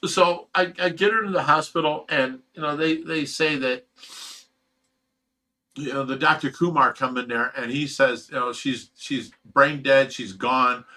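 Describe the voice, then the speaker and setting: A man's voice: on the high side, fairly even intonation, normal speed, pushed and bright, low-quality recording. A middle-aged man telling a personal story in casual chat, emotional and rambling, swearing freely. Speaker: fish rescue owner.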